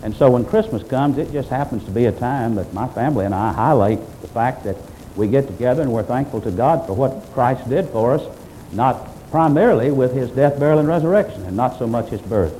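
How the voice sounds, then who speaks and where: A man's voice: mid-range voice, lively intonation, a little fast, warm tone, a little hiss or hum, rough recording. A man preaching a sermon as pastor, emphatic and repetitive, reading scripture aloud.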